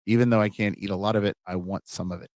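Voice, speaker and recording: Rambling low-voiced man instructor. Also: steady tone, fast talker, darkish tone, no room sound. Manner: rambling, chatty, many fillers and restarts. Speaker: college humanities instructor. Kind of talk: casual livestream class wrap-up.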